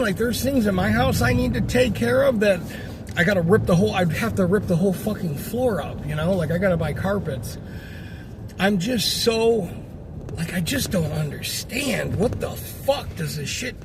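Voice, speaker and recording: A man's voice: sits high, expressive, normal speed, noisy background. A man ranting casually to camera, frustrated and swearing, rambling with many restarts.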